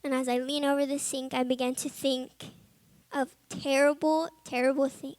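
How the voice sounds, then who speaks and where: A young woman, a Bible college student, giving a personal testimony to fellow students, informal and earnest with many "like"s and "um"s, growing quiet in heavy moments. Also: high-pitched, flat delivery, normal speed. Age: young adult.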